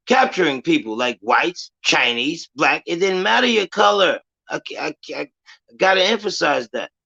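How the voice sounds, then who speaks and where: Calm, lecturing man on lo-fi stream audio. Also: fairly high pitch, gravelly. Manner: measured, lecturing, says he wants to stay calm and logical. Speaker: live stream host. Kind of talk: casual talk on a live stream.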